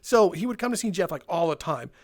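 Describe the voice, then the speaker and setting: A man hosting a gaming video, telling animated stories from work and laughing as he goes. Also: on the high side, fast talker. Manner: animated, laughs through his own stories. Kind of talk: casual storytelling while playing a VR game.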